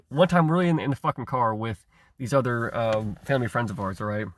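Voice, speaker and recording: A man with a medium-pitched, slightly bright voice at normal speed delivers a rambling, profane ranting monologue as an online commentator. He stammers, repeats himself and chuckles between phrases.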